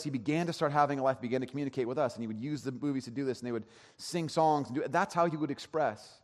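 Fast-talking man preaching in a hall. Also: medium pitch. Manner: conversational storytelling with restarts. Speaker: pastor. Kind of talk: sermon. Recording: long hall reverb.

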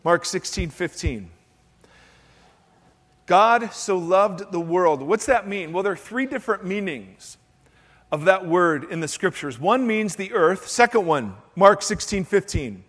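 High-voiced male pastor preaching. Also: very animated, moderate pace, fairly bright tone, in a large hall. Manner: joking asides to the congregation. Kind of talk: sermon. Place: church sanctuary.

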